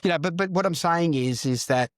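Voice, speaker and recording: A man's voice: a little high, brisk, no echo, studio quality. A man, a podcast guest and counsellor telling a long, rambling story, swearing freely and calling the listener mate. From Australia. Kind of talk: casual storytelling interview.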